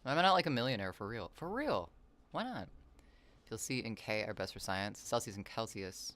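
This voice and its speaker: A man's voice: lowish voice, expressive, fast talker, bright, forceful tone. A man rambling on a casual livestream from home, reading chat messages aloud into a desk microphone, his voice slightly raw. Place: home, with cats nearby.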